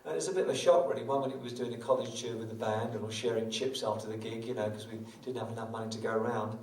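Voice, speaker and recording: A man's voice: on the low side, fairly even intonation, very fast, a little mellow, far from the mic. A middle-aged man, a guitarist, chatting wryly between songs at a live show, telling self-mocking stories. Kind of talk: on-stage patter between songs. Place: small concert venue on stage. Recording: echoey venue from afar with guitar.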